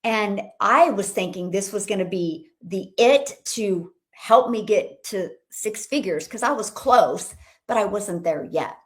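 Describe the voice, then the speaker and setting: A woman's voice: medium pitch, lively intonation, measured pace. A middle-aged woman hosting a livestream as a business coach, talking with upbeat, bubbly enthusiasm and calling out to viewers. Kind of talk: upbeat livestream talk reading viewer comments.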